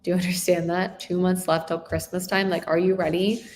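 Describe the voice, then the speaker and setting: A woman giving a live sales training talk, very expressive, shifting her tone and emphasis and checking in with frequent rhetorical questions. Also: on the low side, fairly quick, slight background noise. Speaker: sales coach.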